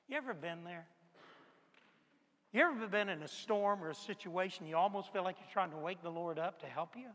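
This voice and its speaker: A man preaches in a high, bright voice and puts direct questions to his listeners. His words trail off into a long reverb. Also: a little fast. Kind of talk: sermon.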